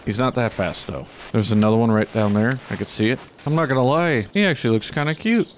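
A man's voice: medium pitch, expressive, brisk, a little hiss or hum. A man casually commenting on his own gameplay as he hunts, chatting to the animals on screen and using mild exclamations. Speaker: gaming channel host.

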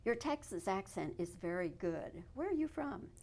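A woman's voice: medium pitch, big pitch swings, moderate pace. A woman interviewing an actress, chuckling and asking friendly questions. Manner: warm, chuckling, complimentary questions. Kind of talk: casual interview.

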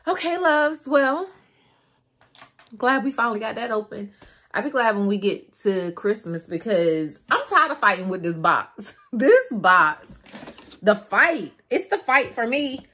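A young woman chatting to her viewers in a casual vlog, animated and laughing often, recorded on a phone. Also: medium pitch, a little slow, husky, no echo. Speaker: beauty vlogger. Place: in a car, then outdoors at night in the cold.

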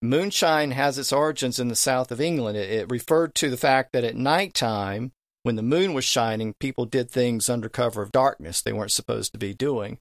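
A man's voice: mid-range voice, normal speed, no echo, clean studio sound. A man on a podcast, a guest expert explaining the history of English and stretching out vowels to demonstrate old pronunciations.

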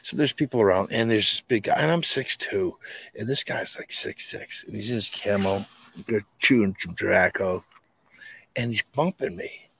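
A man from New England with a Boston accent, a podcast guest telling rambling, animated anecdotes in casual conversation. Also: lowish voice, moderate pace, a little hiss or hum. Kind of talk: casual storytelling.

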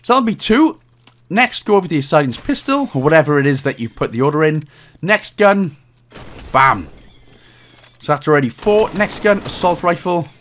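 A man's voice: on the high side, sing-song, normal speed, fairly bright tone. Jokey Welsh man guiding a game. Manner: jokey, swears freely, self-deprecating. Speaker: gaming guide host. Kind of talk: casual game walkthrough commentary.

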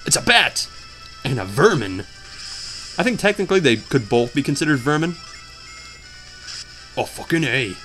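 A man's voice: mid-range voice, sing-song, moderate pace, long pauses, fairly bright tone, soft background music. A man giving crude, mocking commentary while playing a video game, humming the theme and trying out funny voices. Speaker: let's player. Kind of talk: casual gameplay commentary.

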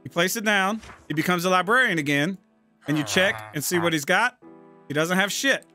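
A man's voice: sits high, normal speed, sharp tone, faint music behind. A man giving casual, profane, exasperated commentary while playing a game and talking to himself. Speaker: gaming channel host.

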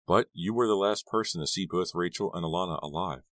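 A patient female police officer working through her questions, as a man voices her. Measured and steady over a very deep voice, recorded dry and close. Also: no echo.

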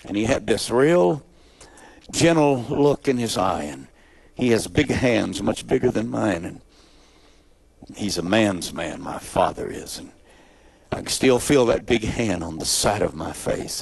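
A man preaching his testimony as a dramatic storyteller, swinging between loud, high emphasis and quiet, low asides before a live audience. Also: lively intonation, unhurried, creaky, husky. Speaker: evangelist telling his testimony.

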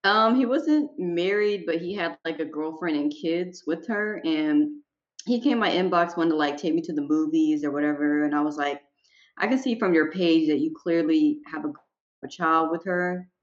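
A woman co-hosting a podcast, telling her own story in relaxed, matter-of-fact casual chat. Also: deep voice, normal speed, dull audio. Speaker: podcast co-host.

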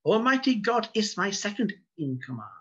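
A man voicing a boastful, pompous German emperor in a fake German accent, declaiming loudly. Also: high voice, big pitch swings, moderate pace, slightly rough, voice pushed up, heavily acted. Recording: dull lo-fi recording.

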